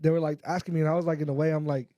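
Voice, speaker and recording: A man's voice: fairly high pitch, flat delivery, racing, mellow, no room sound. A man telling rambling, filler-heavy anecdotes in casual comedy podcast chat. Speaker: podcast co-host or guest.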